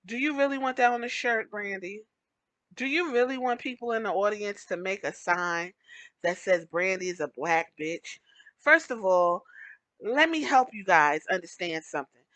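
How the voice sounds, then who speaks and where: A woman hosting a podcast, giving blunt, animated commentary and slipping into mock voices to make her points. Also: medium pitch, no echo, low-quality recording. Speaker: podcast host.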